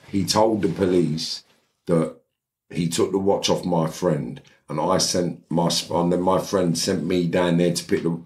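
Deep-voiced London man, blunt storyteller. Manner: blunt, streetwise, rambling with restarts and "right?" asides. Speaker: podcast guest. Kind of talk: casual storytelling in a podcast interview.

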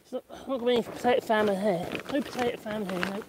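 A vlogger builds a greenhouse in a windy garden, talking casually in a medium-pitched, rapid-fire voice. They mutter to themselves, swear and laugh through this easygoing DIY chat.

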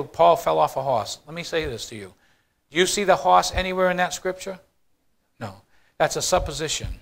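A man preaching to his congregation as pastor, moving between loud declarations and quiet asides and putting questions straight to the listeners. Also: mid-range voice, vocal fry. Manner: addresses the congregation directly with questions. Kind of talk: sermon.

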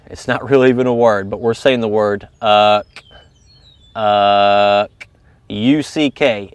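Man in his own voice, mid pitch, plain coach explaining technique step by step, dry close sound. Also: darkish tone, dry recording. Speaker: goose calling instructor. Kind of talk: instructional video lesson.

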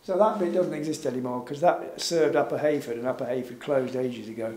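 A man's voice: mid-range voice, brisk, darkish tone. A man giving an informal public talk over slides, hesitant and full of fillers, with a wry, chuckling manner. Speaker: invited speaker. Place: gallery event room. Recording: echoey room with faint background hum.

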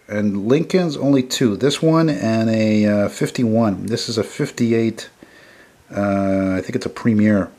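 A man's voice: lowish voice, a little mellow. A man, rambling enthusiastically as he walks through photos he is selling. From Montreal, Canada. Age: 40s. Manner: rambling and enthusiastic, quick with self-corrections. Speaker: photographer selling his car prints. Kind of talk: casual sales walkthrough.

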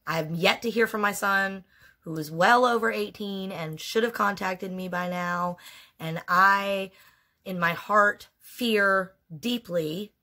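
A woman's voice: medium pitch, sharp tone. A woman in her forties telling a painful personal story in a candid vlog, blunt and emotionally raw, with frequent swearing.

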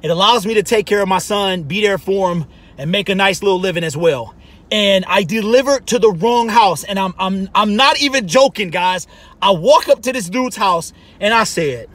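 Guy on his vlog, way too hyped, high pitch, keeps saying the same thing over and over. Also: animated, normal speed, pushed and bright. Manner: breathless, gushing, repeats exclamations. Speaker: sports channel host and delivery driver. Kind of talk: excited vlog monologue.

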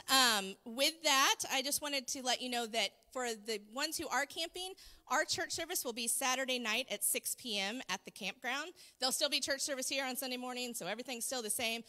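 A woman on the church staff giving announcements and leading a prayer, bubbly and quick to laugh, recorded in a church sanctuary. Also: high voice. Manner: warm and bubbly, laughs often. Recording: long reverb of a church hall.

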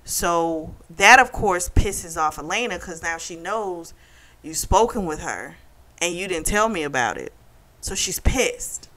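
A woman's voice: lowish voice, lively intonation, unhurried, bright, forceful tone. A woman casually retelling a book's plot for her book review channel, chatty and laughing often. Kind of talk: casual chat.

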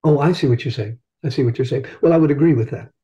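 A man's voice: mid-range voice, fast, warm tone, highs cut off. An older man, an invited speaker, answering questions in a discussion after his talk, explaining thoughtfully and searching for his words.

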